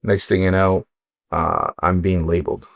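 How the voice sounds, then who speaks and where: A middle-aged man from Ukraine, a watch dealer, telling stories in casual chat, animated and swearing freely. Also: low voice, normal speed, gravelly, dry recording, studio quality. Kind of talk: casual storytelling.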